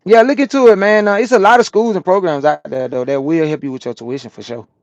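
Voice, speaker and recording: Talking quickly in a high voice, a Southern-accented trucker streams live from his truck cab during a rest break, with no room sound and the highs cut off. He reads viewer comments and tells animated, slangy stories, swearing freely.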